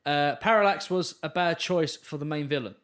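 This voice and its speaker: A man's voice: a little high, normal speed, fairly bright tone. Rambling male podcast co-host. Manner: rambling, stumbles over words. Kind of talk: casual chat.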